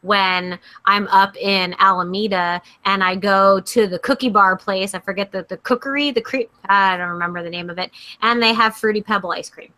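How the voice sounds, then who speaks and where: Bright, animated young woman chatting. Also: medium pitch, normal speed, few pauses. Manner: animated, laughing storyteller. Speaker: podcast co-host. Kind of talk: casual chat.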